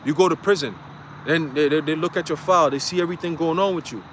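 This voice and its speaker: Guy preaching from his car, kinda high voice, cussing and slangy, low traffic noise outside. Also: quick pace, fairly bright tone. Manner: blunt, profane, slangy and heated. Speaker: street preacher. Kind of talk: casual livestream preaching.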